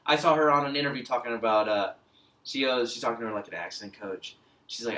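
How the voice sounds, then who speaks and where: A man co-hosting a casual movie chat, animated, laughing often and acting out quotes. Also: medium pitch, quick pace. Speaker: podcast co-host. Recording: echoey room, mic at a distance.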